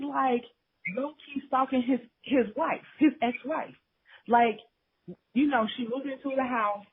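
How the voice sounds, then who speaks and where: A woman's voice: on the high side, breathy edge. A woman co-hosting a podcast, recapping a drama in casual, gossipy storytelling and acting out the characters' lines. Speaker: podcast co-host. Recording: tinny phone line.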